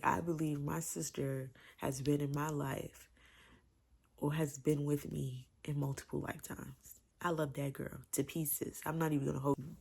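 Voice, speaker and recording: A woman's voice: deep voice, creaky, darkish tone, breathy edge. A woman giving a chatty, emotional book review, repeating herself as she gushes about the story. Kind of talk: casual book review vlog.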